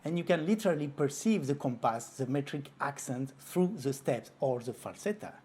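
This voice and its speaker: Male flamenco teacher, husky voice, patient tutorial delivery. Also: mid-range voice, normal speed, faint music behind. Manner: explains calmly, breaks off to vocalize rhythm syllables. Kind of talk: tutorial explanation.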